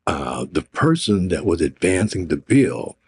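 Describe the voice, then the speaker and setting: An older man telling a story in an interview, animated and profane, acting out what others said. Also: low voice, a little slow, slightly rough, dry recording, studio quality. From Oregon, US. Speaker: interview guest.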